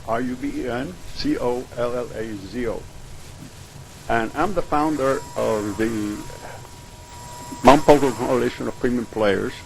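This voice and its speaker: A man's voice: mid-range voice, creaky, slight background noise, low-quality recording. A man giving aggrieved, insistent testimony at a public hearing. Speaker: public commenter. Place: hearing room.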